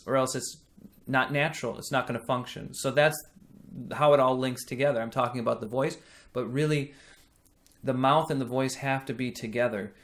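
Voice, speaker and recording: A man's voice: mid-range voice, a bit bright. A man teaching singing, explaining vocal technique patiently and demonstrating sung vowels. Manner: slow, patient, thoughtful delivery.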